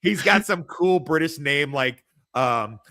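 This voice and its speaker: A man's voice: a little high, lively intonation, slow pace, bright, forceful tone. A man hosting a casual livestream chat, rambling and joking with lots of swearing. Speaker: podcast host.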